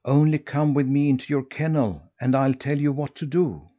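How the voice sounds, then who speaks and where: A man's voice: mid-range voice, steady tone, normal speed, highs cut off, voice pushed up, close to an everyday voice. A man voicing a tiny, plucky young boy in a storybook reading, talking eagerly and urgently. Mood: scheming.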